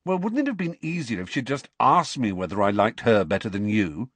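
A man's voice: mid-range voice, animated, a little fast, fairly bright tone, no echo. A man voicing a teenage schoolboy who gets flustered and indignant. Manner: spluttering, indignant.

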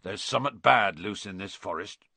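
A man doing Hagrid, a gruff giant. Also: on the low side, normal speed, sharp tone, no echo, full character voice. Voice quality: gruff, blunt. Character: huge gruff gamekeeper, blunt and rough-spoken.

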